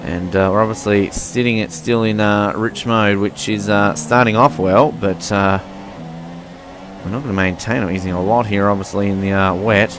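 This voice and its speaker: A man's voice: on the low side, fairly even intonation, normal speed. A young man giving rambling, self-mocking commentary while playing a racing game. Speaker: gaming commentator. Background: faint car engine noise.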